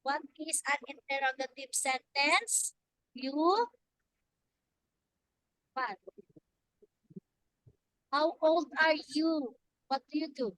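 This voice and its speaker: A young woman teaching a grammar lesson, talking slowly and patiently and repeating her questions to the students. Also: sits high, fairly bright tone, dry recording, poor audio.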